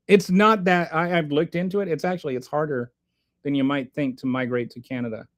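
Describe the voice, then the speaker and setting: Rambling man with a higher voice. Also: fairly quick. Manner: rambling, animated, with restarts and asides. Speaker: livestream host reading chat. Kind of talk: casual political commentary.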